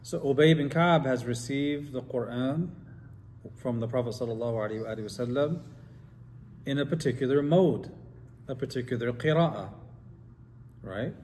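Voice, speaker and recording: A man's voice: medium pitch, normal speed, pauses often, darkish tone, slight background noise. A man teaching an Islamic study class, reading quotes aloud and putting questions to his students. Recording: long hall reverb, faint ambience.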